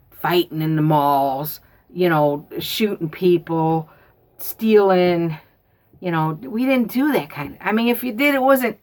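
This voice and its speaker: Gravelly folksy storyteller woman. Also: on the low side. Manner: rambling, folksy, repeats herself. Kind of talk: casual storytelling.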